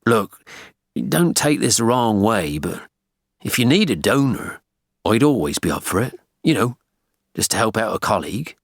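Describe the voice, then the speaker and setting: A man's voice: on the low side, big pitch swings, normal speed, creaky, no echo, clean studio sound, pitched above the performer's own voice, heavily acted. A man voicing an ageing, blunt, crude male detective in an audiobook, talking in cocky banter. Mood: offhand.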